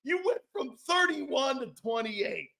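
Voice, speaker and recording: A man hosting a sports talk stream, brash and profane, reading chat comments and firing back with loud outbursts and mocking asides. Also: extremely high pitch, lively intonation, slow, gravelly, very noisy. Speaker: sports talk show host.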